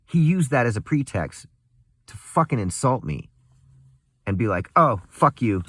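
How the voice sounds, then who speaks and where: A man's voice: mid-range voice, big pitch swings, normal speed, a little mellow, slightly rough, dry recording, clean studio sound. A young man in a casual, angry, profane rant, laughing bitterly and swinging between muttering and a raised voice.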